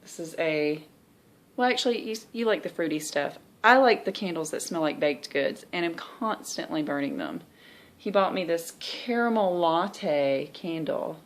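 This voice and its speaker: A woman's voice: low voice, expressive, unhurried. A woman in her thirties with a Southern US accent, chatting candidly and rambling in a stitching vlog, sounding tired. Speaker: cross-stitch vlogger. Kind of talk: casual chat.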